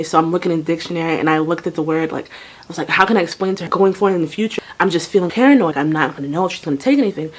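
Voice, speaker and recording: Young woman with a husky voice, chatty storytime vlog, does the voices. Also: lowish voice. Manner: animated, acts out voices and sounds. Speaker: vlogger.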